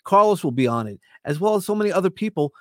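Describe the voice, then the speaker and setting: Guest, male, New York accent, slightly high voice, earnest rambler, dry close sound. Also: lively intonation, fast talker, a little mellow, no echo. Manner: rambling, earnest, repeats words when starting. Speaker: podcast host and coach, interview guest. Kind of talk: casual interview talk.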